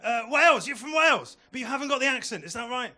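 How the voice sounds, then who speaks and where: A young man works the room in a stand-up set, talking in a high, bright voice into a handheld stage mic. He chats with the crowd and throws in quick asides. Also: very animated. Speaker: stand-up comedian. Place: comedy club stage.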